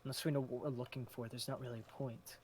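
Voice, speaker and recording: A man in character in a role-play, talking through plans and telling a story in a measured, deliberate way. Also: medium pitch, little pitch movement, darkish tone, slight background noise.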